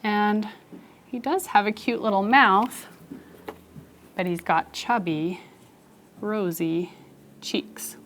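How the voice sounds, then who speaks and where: A young woman teaching an elementary phonics lesson in a classroom, telling stories and coaxing the students along in a lively, playful way. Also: medium pitch, takes it slowly, long pauses, a little hiss or hum. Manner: animated storytelling, playful and expressive with students.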